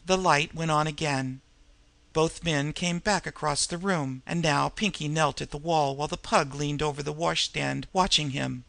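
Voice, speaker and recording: A man reads a crime novel aloud in a steady, measured way. His voice is gravelly with a bright, sharp edge and sits slightly high. The sound is close and dry. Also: no echo. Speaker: audiobook narrator. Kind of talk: audiobook narration of a crime novel.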